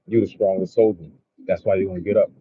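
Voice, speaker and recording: A man rambles through a fired-up motivational talk, swearing often and circling back over the same phrases. His voice is husky and a little breathy. The sound is thin and tinny, like a phone line. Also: sits low, steady tone, fast, no room sound. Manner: profane, repetitive, preachy. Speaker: motivational vlogger. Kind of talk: casual motivational monologue.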